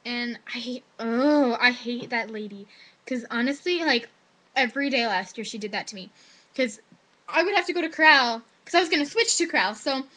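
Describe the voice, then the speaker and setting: A teenage girl chats straight into her webcam, recounting her day in a loose, rambling way packed with "like". Her voice is high and very bright, and she slips into little acted voices when quoting people. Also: fairly quick. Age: teens. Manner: chatty, lots of "like", quoting others in animated voices. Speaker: high school student. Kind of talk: casual webcam vlog storytelling. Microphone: webcam microphone.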